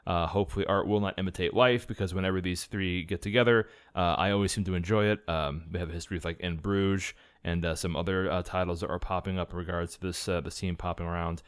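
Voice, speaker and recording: Deep-voiced man, halting podcast host. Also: fairly even intonation, clean tone, no room sound, studio quality. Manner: halting, many filler "uh"s. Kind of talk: casual movie review chat.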